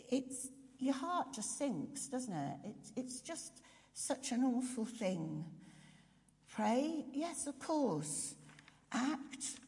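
Woman preacher, sermon, slow unhurried delivery, reflective, questions to the congregation, echoing church hall. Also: on the high side, creaky, dark tone. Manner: reflective, asks the audience questions. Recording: long reverb of a large hall.

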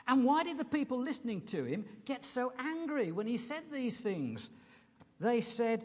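British male preacher, high lively voice, conversational sermon in a reverberant hall. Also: normal speed. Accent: British English. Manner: chatty, asks the congregation questions.

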